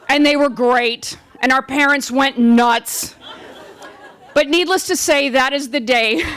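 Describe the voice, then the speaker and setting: A woman performing a comic personal story on stage, wry and animated. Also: high-pitched.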